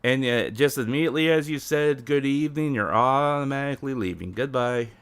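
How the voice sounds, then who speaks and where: Here a live streamer practices Japanese on air, rambling in casual chat and frequently chuckling while sounding out words. He has a clean, mid-range voice and talks a little fast.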